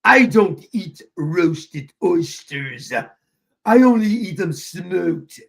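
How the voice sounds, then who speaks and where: A woman's voice: on the low side, animated, gravelly, exaggerated voice. A man mocking a haughty fake-British woman. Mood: indignant. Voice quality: slow haughty drawl. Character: indignant prim woman with a fake posh British accent.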